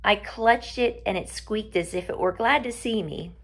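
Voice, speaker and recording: A woman reading a novel aloud to her students, slow and expressive, dropping to a whisper at times. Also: medium pitch, slightly rough. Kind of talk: storybook read-aloud.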